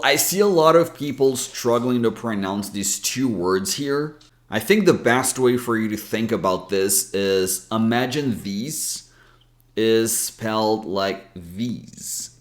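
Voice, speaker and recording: An American man coaching pronunciation, his voice sitting a little low. He talks slowly and patiently, breaking each sound down step by step as in a video lesson. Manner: slow, patient explaining.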